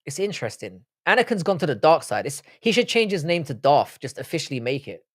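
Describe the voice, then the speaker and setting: A man's voice: fairly high pitch, big pitch swings, brisk, no echo, studio quality. A man hosting a live stream, chatting casually, reading chat comments aloud and answering with swearing banter. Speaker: livestream host.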